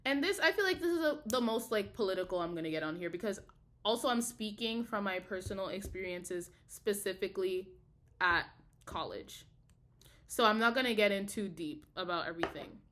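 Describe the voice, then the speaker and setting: A woman's voice: medium pitch, lively intonation, brisk, a bit bright. A young woman, a college student, talking heatedly and profanely in a casual video diary. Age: young adult. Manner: heated, profane, emphatic ranting.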